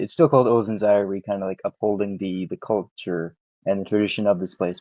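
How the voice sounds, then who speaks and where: A man's voice: lowish voice, warm tone, no echo, rough recording. A man narrating as game master for a tabletop game, rambling with lots of fillers as he describes the scene.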